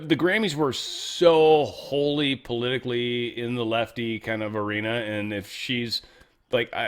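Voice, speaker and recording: A man's voice: medium pitch, fairly bright tone. A middle-aged man hosting a casual talk show, rambling and sarcastic, often stumbling and restarting his sentences. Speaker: host. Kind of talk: casual political talk and product pitch.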